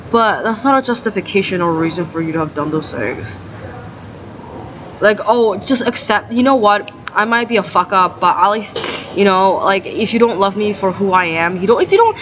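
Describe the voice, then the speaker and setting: A woman's voice: mid-range voice, fairly bright tone, a little hiss or hum. A young woman vlogging outdoors on the grass, ranting in an exasperated, profane, rambling way. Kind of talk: ranting casual monologue. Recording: slightly dull sound, faint outdoor ambience.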